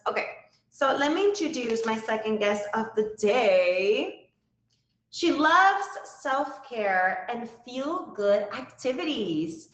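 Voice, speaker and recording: A woman's voice: a little high, a bit bright, reverberant. A woman hosting a casual live-stream talk show, upbeat and chatty with lots of fillers. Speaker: livestream show host.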